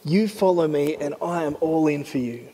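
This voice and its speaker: A man's voice: a little high, moderate pace, dark tone, big-room sound, lightly acted. A man voicing God in his sermon, a loving, just male God begging his people to return. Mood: pleading. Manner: begging, tender.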